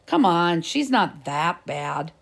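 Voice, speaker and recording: A woman reading aloud and voicing a level-headed schoolboy who tries to calm his friend. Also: on the low side, takes it slowly, vocal fry, full character voice. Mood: coaxing. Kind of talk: storybook reading.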